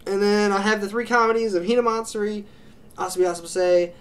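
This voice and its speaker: A man's voice: high-pitched, fairly even intonation, fast talker, fairly bright tone. A man hosting his own reaction channel, chatting casually and gushing through a ranking of his favorite series, rambling with lots of fillers and restarts. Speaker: anime reaction channel host.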